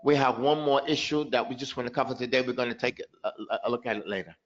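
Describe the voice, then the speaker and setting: A man's voice: mid-range voice, fairly even intonation, fast, slight background noise. Man, tajweed teacher, drills example words, dull lo-fi audio. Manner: drills pronunciation with repeated examples and quiz questions. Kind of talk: live online lesson.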